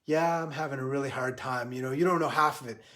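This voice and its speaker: A man voicing a big, rough, drunk working man who is loud, pushy and defensive while telling a story. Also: mid-range voice, quick pace, natural voice. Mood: agitated.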